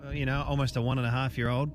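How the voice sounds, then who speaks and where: An Australian man in his thirties hosting a breakfast radio show, relaxed and chatty. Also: medium pitch, very fast. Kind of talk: casual radio banter.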